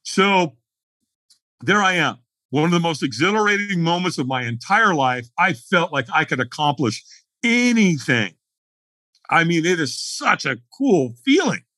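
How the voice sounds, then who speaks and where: A man's voice: fairly high pitch, sing-song, normal speed, bright, forceful tone, no echo. A man telling a dramatic story as a podcast guest, acting out the scene in voices. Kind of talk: animated storytelling.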